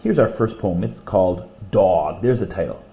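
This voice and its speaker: A man's voice: sits low, animated, mellow. Man, teacher, lesson video, reads poems aloud, echoey room. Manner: explains words and reads poems aloud slowly. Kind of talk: recorded classroom lesson video.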